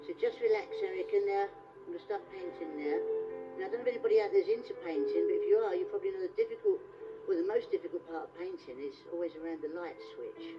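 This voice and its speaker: A man's voice: sing-song, quick pace, loud music behind the voice. A man, performing a cheeky, teasing live comedy routine with an audience volunteer on a theatre stage. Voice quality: squeaky high voice. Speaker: stand-up comedian. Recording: distant, muffled live theatre recording.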